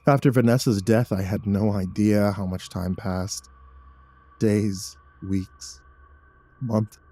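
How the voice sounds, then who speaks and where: A man narrating a horror story in a measured, somber storytelling manner. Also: fairly low pitch, steady tone, warm tone.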